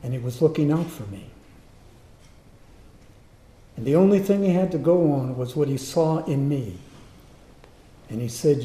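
A man preaching as he tells a personal story, earnest and animated. His voice is fairly high but soft and mellow. The room around him is roomy and echoey. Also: moderate pace. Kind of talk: personal story told in a sermon. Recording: roomy echo.

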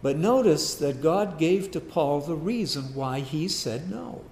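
Male pastor, sermon; emphatic, repeats phrases, slightly high voice, faint hiss behind. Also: lively intonation, a little slow, darkish tone, roomy sound.

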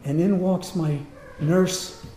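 A man telling a personal story in a sermon, in an earnest, animated way. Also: sits high, slow, a little hiss or hum. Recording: roomy echo.

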